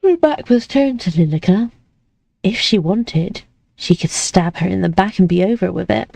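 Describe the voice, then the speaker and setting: A woman streamer reading a story aloud in a relaxed, unhurried manner. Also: medium pitch, vocal fry, dry recording. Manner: relaxed and unhurried, with casual asides.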